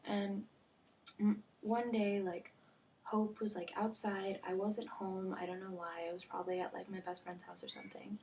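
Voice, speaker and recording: A young woman's gravelly, slightly mellow, medium-pitched voice carries a chatty storytime vlog. She fills it with "like" and often lowers to a near-whisper, while faint background noise sits under the recording.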